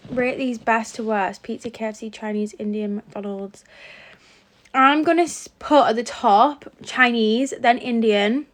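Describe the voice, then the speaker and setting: Young woman; giggly, chatty livestream host on a phone mic, slightly high voice. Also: a little slow. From England. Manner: giggly, chatty, answers viewer comments. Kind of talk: casual live-stream chat reading comments.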